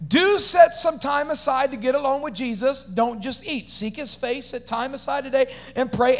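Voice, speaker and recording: A man with a high voice preaches an energetic sermon as the pastor. He calls on the congregation to answer and repeat after him, and breaks into casual, slangy asides. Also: normal speed, few pauses. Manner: animated preaching with call-and-response to the congregation.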